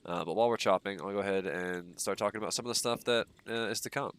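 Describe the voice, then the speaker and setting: This young streamer talks fast and smoothly, his voice on the low side. Stuffy-nosed and relaxed, he rambles through casual commentary on his game with lots of ums and uhs.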